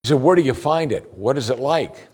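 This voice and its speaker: A man preaching a sermon as pastor, reading scripture slowly and rising in pitch as he presses his points. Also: breathy edge. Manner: preaching, slow scripture reading with lively rises.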